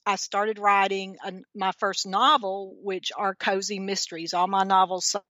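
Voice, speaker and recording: A woman's voice: mid-range voice, little pitch movement, normal speed, sharp tone, no room sound. Woman, thick Georgia accent, author guest, chatty storyteller, muffled dry sound. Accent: Georgia Southern. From Georgia, USA. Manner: chatty, laughs while telling stories. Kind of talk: casual storytelling interview.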